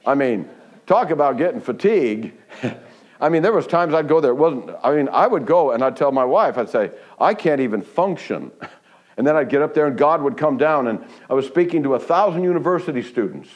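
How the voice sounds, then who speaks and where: Animated man preaching a sermon. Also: brisk. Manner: animated storytelling, pitch climbing high when excited; restarts and stumbles, laughs between phrases. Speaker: pastor.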